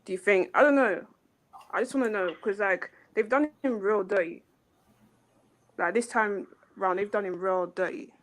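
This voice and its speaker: A woman's voice: medium pitch, normal speed. A woman calling into a live stream as a guest, earnestly asking heartfelt questions. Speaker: guest caller. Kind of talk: casual live chat.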